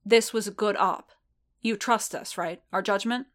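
A woman reading a story aloud and voicing a cool, sharp-tongued female mercenary who talks briskly and bluntly. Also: medium pitch, fairly even intonation, close to an everyday voice.

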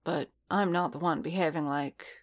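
A woman voicing a tired, guilt-torn male warrior who speaks in a hushed, restrained way. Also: low-pitched, fairly even intonation, normal speed. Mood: brooding.

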